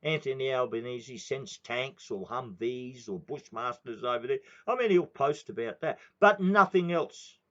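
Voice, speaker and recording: A man's voice: mid-range voice, a little slow, hardly any pauses. A man in his sixties with an Australian accent, ranting in a heated, swearing monologue. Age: 60s. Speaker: political commentator. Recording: dull lo-fi recording.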